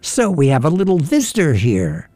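A man voicing a loud, brutish intruder with a piercing, disagreeable voice in an audiobook. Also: fairly high pitch, huge pitch swings, normal speed, no echo, pitched above the performer's own voice. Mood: boisterous. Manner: boisterous, taunting.

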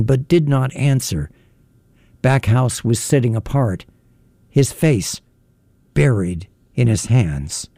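A man narrating an audiobook in a measured, even manner. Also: medium pitch, no room sound.

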